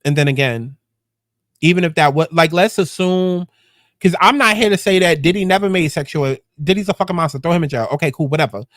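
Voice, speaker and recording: A man's voice: fairly high pitch, a little fast, a bit bright, no echo, studio quality. A man hosting a celebrity gossip commentary show, talking bluntly and heatedly with plenty of profanity. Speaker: host.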